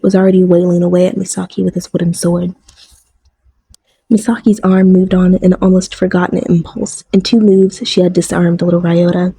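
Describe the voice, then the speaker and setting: Give me a gravelly woman reading a novel, dry and close. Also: fairly low pitch, mellow, no room sound, poor audio. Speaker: audiobook narrator. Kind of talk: scripted narration.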